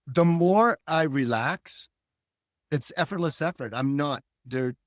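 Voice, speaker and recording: An older man and guest cartoonist, talking in a reflective, philosophical way and telling animated stories in a relaxed interview. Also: a little high, slow pace, no echo, studio quality. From Hull, Massachusetts.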